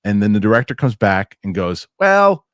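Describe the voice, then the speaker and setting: A man hosting a casual podcast chat, telling lively anecdotes and acting out what other people said. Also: lowish voice, a little fast, dry recording, clean studio sound. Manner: animated storyteller acting out quotes. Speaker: podcast host.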